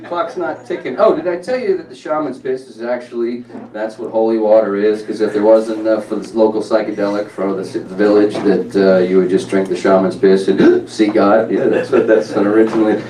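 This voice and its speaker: A middle-aged man doing a stand-up set, animated and jokey, with quick asides to the audience. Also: lowish voice. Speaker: stand-up comedian. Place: comedy club stage. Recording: echoey club, distant mic, crowd.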